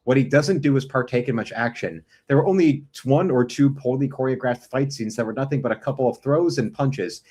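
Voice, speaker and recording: Dude hosting a stream, jokey, reads a movie review out loud, mid-pitched voice. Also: male voice, fairly quick, hardly any pauses, breathy edge. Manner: joking, reads a film review aloud. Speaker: host of an art stream. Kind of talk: casual stream commentary and reading aloud.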